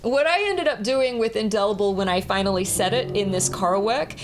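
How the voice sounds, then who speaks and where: A woman composer giving a clear, explanatory lesson, sometimes speaking words slowly to a beat. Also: medium pitch, a little hiss or hum. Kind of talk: instructional talk on music.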